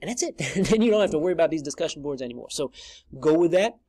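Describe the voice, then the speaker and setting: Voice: mid-range voice, lively intonation, quick pace, warm tone, no room sound. A math instructor talking through a screen-recorded lesson in a casual, chatty way, often stopping to correct themselves.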